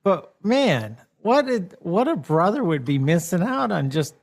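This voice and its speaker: A guest who works as a program director chats casually, easygoing and rambling, laughing along as he goes. His gravelly voice sits high and has a sing-song, unhurried quality.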